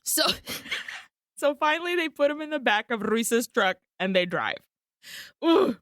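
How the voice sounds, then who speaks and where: A woman's voice: fairly high pitch, very animated, unhurried, no room sound, studio quality. A woman co-hosting a podcast, animatedly retelling a film plot in casual chat, laughing often and swearing freely, with Spanish words mixed into her English. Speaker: podcast co-host.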